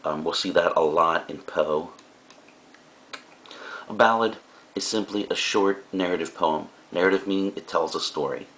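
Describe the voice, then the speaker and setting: Deep voiced guy teaching a lesson, laid back, lots of ums and little asides. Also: normal speed, long pauses, fairly bright tone. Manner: casual and explanatory, with frequent fillers and asides. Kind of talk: recorded classroom lecture.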